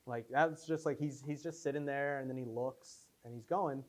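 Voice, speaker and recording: A man's voice: medium pitch, moderate pace. A young man answering audience questions after a film screening, telling stories with lots of fillers and restarts. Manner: rambling, animated storytelling with many fillers. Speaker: filmmaker at Q&A. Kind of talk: casual post-screening Q&A.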